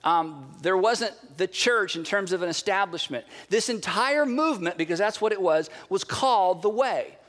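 A man preaching a sermon as pastor, animated, with dramatic pauses and acted-out quotes. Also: sits high, in a large hall.

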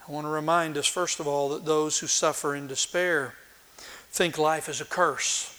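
A man who is a pastor, reading scripture aloud with slow drama and then teaching in plain words with small restarts. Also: on the high side, steady tone, bright, forceful tone.

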